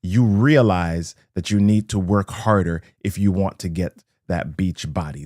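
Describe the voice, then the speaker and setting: Male motivational speaker, lower register, rhythmic and repetitive delivery, dry close recording. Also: darkish tone, dry recording. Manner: rhythmic, repeats key lines, greets viewers. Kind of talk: live-streamed motivational talk.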